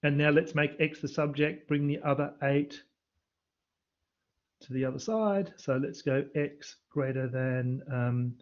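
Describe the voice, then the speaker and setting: A man's voice: fairly high pitch, a little slow, highs cut off. A man teaching a live-streamed maths revision lesson, quizzing students in the chat. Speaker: university maths lecturer. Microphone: computer mic on a live stream.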